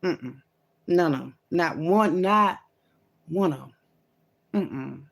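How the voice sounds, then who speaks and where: Speaking directly to her viewers, a woman vlogger rambles loosely and profanely about faith. Her voice is on the low side and creaky, and she takes her time.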